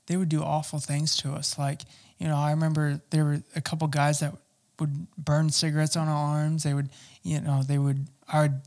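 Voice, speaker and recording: A man telling his personal testimony as an interview guest, talking haltingly with many fillers and restarts. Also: fairly high pitch, completely flat delivery, darkish tone.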